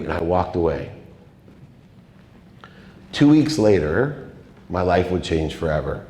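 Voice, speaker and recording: A middle-aged man giving a confessional, emotional motivational speech on stage, with dramatic swings in loudness. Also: deep voice, big pitch swings, slow pace, long pauses, a little hiss or hum. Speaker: keynote speaker. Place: large event hall. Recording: echoey hall with long reverb.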